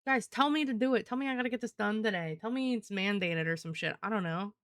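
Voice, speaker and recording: A woman's voice: medium pitch, fast, fairly bright tone, dry recording, studio quality. A young adult woman live streamer chatting casually to her viewers, rambling and swearing, with lots of "like" fillers. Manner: rambling, profane, heavy use of "like".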